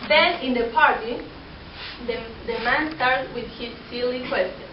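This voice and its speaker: A woman, a Spanish speaker by first language, telling stand-up jokes to a class in a hesitant way with pauses and fillers. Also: sits high. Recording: echoey room, far mic, dull sound, noisy.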